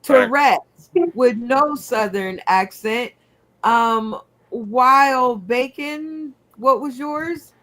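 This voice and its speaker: A woman hosting a comedy game show over a video call, playful and unhurried as she recaps everyone's picks. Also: fairly high pitch, a bit bright.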